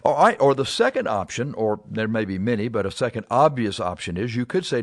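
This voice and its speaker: A man preaching a sermon in a plain, conversational way, pausing and repeating himself as he works through his points. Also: medium pitch, very animated, no room sound, studio quality. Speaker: pastor.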